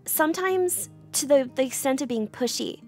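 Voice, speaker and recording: A woman from the American South with a mild Southern accent, chatting casually as a streamer, animated, laughing often and restarting her sentences. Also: high voice, moderate pace, soft background music. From Southern United States. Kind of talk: casual chat.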